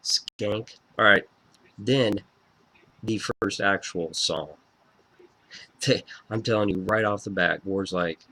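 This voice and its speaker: A man reviewing a favorite album in a casual video, excitable and profane, gushing as a fan. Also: fairly low pitch, slow pace, pauses often.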